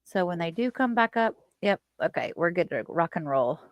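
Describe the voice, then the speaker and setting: A woman's voice: on the low side, animated, normal speed, no echo, lo-fi sound. A woman hosting a casual livestream, chatting with viewers and reading their comments aloud. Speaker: livestream host.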